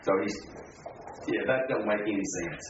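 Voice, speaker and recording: A man's voice: on the low side, moderate pace, highs cut off. A man in a Bible study group, talking in a folksy, rambling way with lots of fillers. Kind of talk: casual group discussion. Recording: distant, echoey, hissy room recording.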